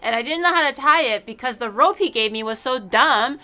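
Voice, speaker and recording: A woman streamer chatting casually on a livestream, rambling excitably and swearing freely. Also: a little high, fairly quick.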